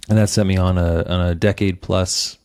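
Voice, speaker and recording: A man's voice: sits low, steady tone, normal speed, darkish tone. A middle-aged man hosting a podcast, a father speaking in a reflective, hesitant way with fillers. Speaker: podcast host. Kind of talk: casual interview chat.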